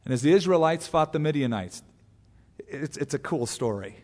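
Animated preacher in a reverberant hall. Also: male voice, fairly high pitch, normal speed. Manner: animated storyteller who acts out quotes with humor. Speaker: pastor. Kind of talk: expository Bible teaching sermon.

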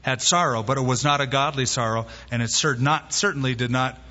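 A man preaching a sermon as pastor, emphatic and slowing down to stress key words. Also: medium pitch, steady tone, pushed and bright. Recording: muffled hall recording with long reverb.

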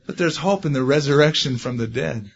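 A man preaching a sermon, animated, growing loud and high when he stresses a point. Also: a little fast, vocal fry, husky, dull audio. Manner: animated, rising loud for emphasis. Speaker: pastor.

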